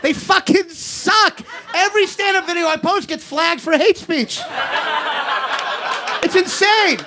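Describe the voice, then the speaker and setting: A man in his thirties from Kentucky doing an animated, sarcastic stand-up set on a comedy club stage, swinging between loud rants and mutters. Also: extremely high pitch, unhurried. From Kentucky, USA. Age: 30s. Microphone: handheld stage mic. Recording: live club recording with audience noise. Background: audience laughter.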